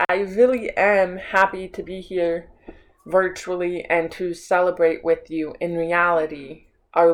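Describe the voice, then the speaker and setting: A woman's voice: deep voice, low-quality recording. A woman pastor with a Pacific Northwest American accent, preaching a sermon recorded at home in an enthusiastic, chatty, informal way. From United States. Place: her home.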